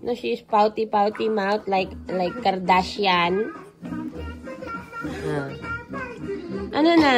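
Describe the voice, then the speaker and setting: A woman's voice: medium pitch, fairly even intonation, slow, long pauses, over music. A woman with a Filipino accent, a mother giving playful, casual family vlog commentary and mixing in Tagalog phrases.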